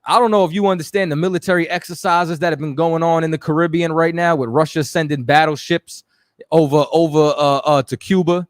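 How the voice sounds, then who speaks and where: A man's voice: a little high, steady tone, brisk, dry recording, clean studio sound. A man from New York hosting a talk radio show, loose and chatty, often checking in with his listeners. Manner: loose, chatty, keeps saying "you know what I'm saying".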